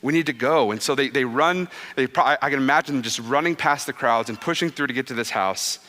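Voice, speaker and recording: A man in his thirties, a pastor giving a conversational, animated sermon that drops soft and low for quoted words. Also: fast. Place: church sanctuary. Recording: long reverb of a church hall.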